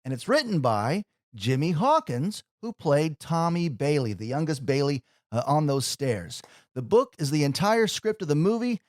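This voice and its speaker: Radio host, man, slightly high voice, earnest delivery, dry studio sound. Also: big pitch swings, moderate pace, dry recording. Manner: warm-hearted, earnest, emotional. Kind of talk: radio interview.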